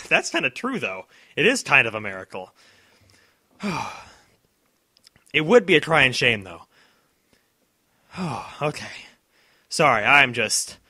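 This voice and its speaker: A man giving excited commentary over a video game playthrough, cheering at the big moments and talking to the characters. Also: on the high side, dry recording, clean studio sound. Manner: talks to himself and to the characters. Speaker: let's play host.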